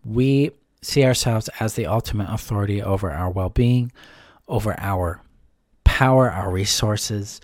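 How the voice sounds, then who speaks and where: Calm, low-voiced man explaining. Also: no room sound, clean studio sound. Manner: calm, explanatory, lists things in measured runs. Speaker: self-help host answering a question. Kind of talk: reflective solo talk.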